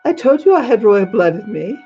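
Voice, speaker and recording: Chatting live in character, this older woman livestreamer adopts a put-on upper-class English accent as a gushing, gracious old queen who welcomes viewers and calls them darling. She speaks in a mid-range, sing-song voice, a little fast with a breathy edge, over faint background music on a lo-fi recording.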